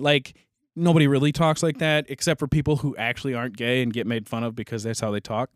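A man's voice: mid-range voice, fairly even intonation, quick pace. A man co-hosting a loose podcast conversation, telling a rambling story full of restarts and crude humor. His voice sits in a medium range. The sound is dry and close, with no room echo. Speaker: podcast co-host. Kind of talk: casual chat.

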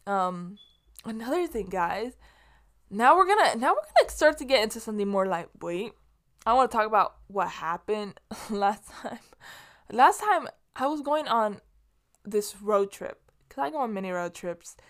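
Speaking at normal speed in an animated, mid-range voice, a young woman from LA hosts her own podcast alone. It's a casual, rambling monologue where she swears freely and often restarts.

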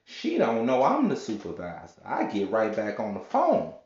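A man tells a work story in a casual, slangy monologue. His gravelly voice swings widely in pitch as he goes. The sound is roomy and dull. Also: moderate pace. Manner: slangy, animated, lively storyteller. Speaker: customer service agent and supervisor.

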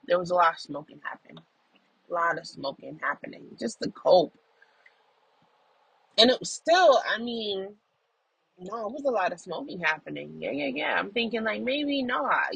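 Gravelly, husky voice venting while driving. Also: mid-range voice, bright, forceful tone, no room sound, rough recording. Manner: profane, emphatic, storytelling. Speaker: audio journal host. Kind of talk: casual venting monologue.

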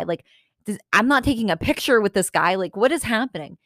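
A woman's voice: on the high side, quick pace, no echo, studio quality. Sarcastic, swearing woman podcast host. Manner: animated, swearing, sarcastic asides. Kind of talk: casual storytelling.

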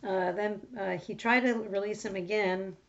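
A woman's voice: mid-range voice, steady tone, moderate pace, very noisy. A woman talking through a Bible passage in a casual, rambling way, full of fillers and restarts. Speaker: Bible study speaker. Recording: dull lo-fi recording.

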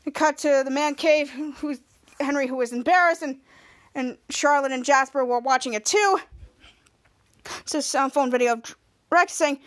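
A podcast host, a woman with a high voice and fairly even intonation, recaps a TV episode scene by scene. She rambles casually, restarts her thoughts, and slips into quick quoted voices for the characters' lines.

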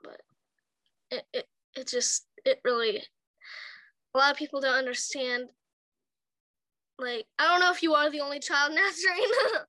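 A woman's voice: high voice, unhurried, pauses often, bright, forceful tone, no room sound. A young woman in casual chat, rambling and laughing often as she acts out quotes from her stories. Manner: giggly, rambling storyteller who acts out quotes. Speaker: chat partner.

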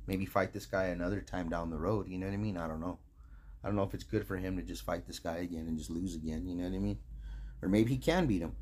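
A man's voice: sits low, fast talker, a little mellow, a little hiss or hum. A man co-hosting a podcast in easygoing chat, swearing and asking "you know what I mean?". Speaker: podcast co-host. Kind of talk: casual chat.

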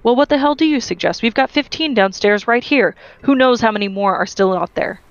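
A reader voicing an agitated hospital staffer who argues angrily in a hallway, pitched up and raised. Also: fairly quick, clean tone, no echo, lo-fi sound, natural voice. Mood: exasperated. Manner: angry, raised, exasperated.

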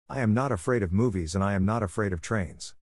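A man's voice: on the low side, quick pace, darkish tone, slightly rough, dry recording, studio quality. A man voicing a proud, indignant American businessman from the 1890s, speaking sternly and defensively. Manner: stern and defensive, raising his voice.

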